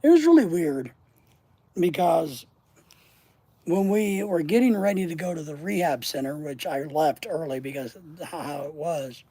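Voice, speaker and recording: This channel host is a man whose voice sits a little high, with a dark, husky tone; he sounds animated yet unhurried, and the recording is dry. He rambles through a long personal story in a casual way, cursing and frequently leaving sentences unfinished.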